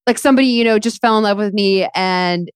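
A woman's voice: medium pitch, a little fast, clear, resonant tone, dry recording, clean studio sound. A woman chatting candidly and laughing, with lots of fillers, in a casual podcast conversation.

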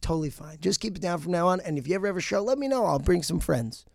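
A man voicing a friendly woman neighbor in a comedy story, with a chirpy manner that jumps high. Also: lively intonation, fast talker, creaky, a little mellow, no echo, clean studio sound. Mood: cheerful.

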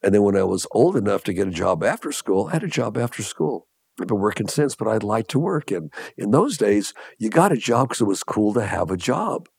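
An older man from Los Angeles with a low, gravelly voice speaks as an interview guest. He tells his stories unhurriedly, leaning on repeated phrases and chuckling now and then, recorded close and dry. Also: very animated, a little fast, a little mellow, no echo. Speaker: guest, entrepreneur. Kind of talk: interview storytelling.

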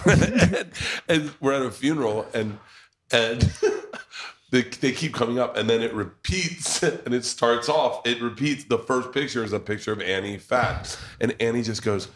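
A man's voice: mid-range voice, unhurried, fairly bright tone, slight background noise. A man hosting a casual chat in a pub, telling a family story with frequent laughter. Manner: storytelling, laughs often, restarts. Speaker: podcast host.

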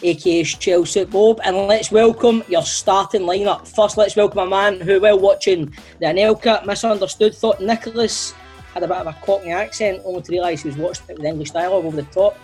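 A man's voice: sits high, steady tone, a little fast, a little mellow, faint music behind. A man with a Scottish accent hosting a podcast in casual, teasing banter. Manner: jokey, teasing. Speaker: podcast host.

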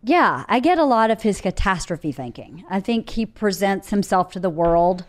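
A woman's voice: mid-range voice, animated, moderate pace. A woman talking as a podcast guest in casual chat, candid and joking, laughing often.

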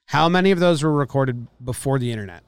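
Podcast co-host, male, skeptical news reader, smooth clear voice, dry close mic. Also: medium pitch, expressive, quick pace, no echo. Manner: skeptical, wry, reads news items aloud. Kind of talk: casual chat.

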